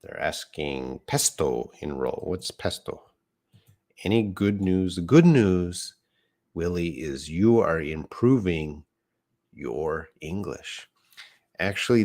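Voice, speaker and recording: A man's voice: sits low, animated, takes it slowly. A man teaching a live online English lesson, explaining words patiently and reading out viewer comments.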